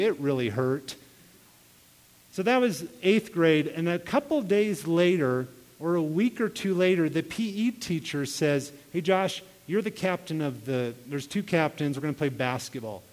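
A man's voice: a little high, animated, unhurried, a little mellow. A man preaching a sermon, telling personal stories in an earnest way and acting out the voices he quotes. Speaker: pastor. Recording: long hall reverb.

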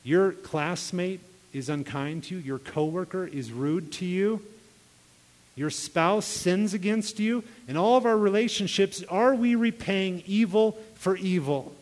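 A man's voice: sits high, unhurried, a little mellow. A man preaching a sermon, telling personal stories in an earnest way and acting out the voices he quotes. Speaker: pastor. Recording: long hall reverb.

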